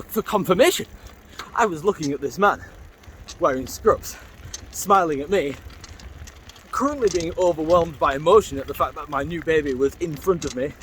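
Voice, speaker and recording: A man's voice: fairly high pitch, a bit bright, a little hiss or hum. A man, telling rambling, swearing anecdotes while riding a bike outdoors and greeting passers-by mid-sentence. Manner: rambling, swearing, acts out voices in his anecdotes. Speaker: vlogger. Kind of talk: casual storytelling while cycling.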